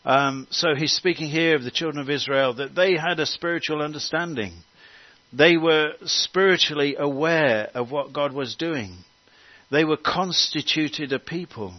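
A man preaching a sermon in an earnest way, pausing with fillers and restarting phrases. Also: on the high side, dull audio.

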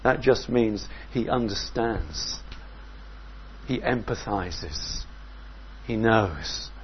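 A man preaching a sermon in a measured, reflective way, often asking his listeners questions. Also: lowish voice, animated, dull audio, a little hiss or hum.

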